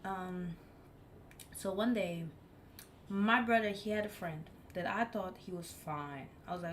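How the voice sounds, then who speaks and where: A woman live streamer telling a story in casual chat, blunt and animated, swearing freely. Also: mid-range voice, unhurried, slight background noise.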